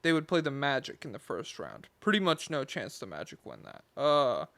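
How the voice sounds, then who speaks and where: A man's voice: medium pitch, huge pitch swings, normal speed, vocal fry, a bit bright. A man co-hosting a casual sports podcast, rambling in a laid-back way and swearing now and then. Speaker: podcast co-host.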